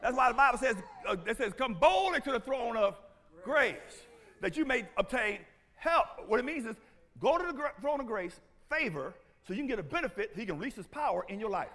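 High-voiced, bright male preacher. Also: brisk. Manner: animated, calls out to congregation, bursts into shouts; playful, teasing, laughs often. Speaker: pastor. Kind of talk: sermon.

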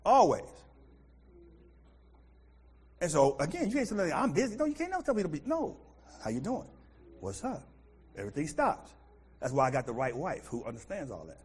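A middle-aged American man preaching a sermon as pastor, animated, swinging from loud outbursts to quiet asides. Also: fairly high pitch, a little fast. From United States.

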